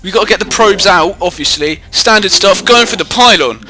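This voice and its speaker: With soft music in the background, this British teenager commentates live on a strategy game through a headset mic, rambling, joking and mocking himself. He has a high, sharp voice with lively intonation and a moderate pace. He's at home indoors, away from where he usually records.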